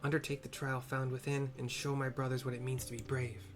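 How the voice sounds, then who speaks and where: An earnest male guildmaster , as a man reads him, in a plain, mid-pitched voice. His lines are formal and measured. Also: level tone, background noise, close to an everyday voice.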